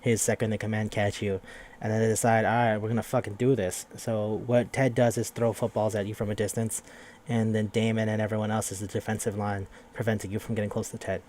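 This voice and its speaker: A man's voice: fairly low pitch, flat delivery, brisk, a little mellow, slight background noise. A young man casually recapping a video game's story on a podcast, rambling and swearing as he acts out the characters' lines. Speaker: podcast host.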